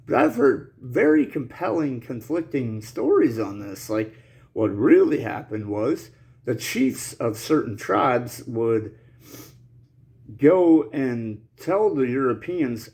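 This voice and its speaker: A man's voice: medium pitch, very animated, slow pace, vocal fry, darkish tone. Coughing man rambling with nervous laughs. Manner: rambling, laughs nervously through serious talk, slangy. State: coughing, recovering from an illness. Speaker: channel host. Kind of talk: casual monologue to camera.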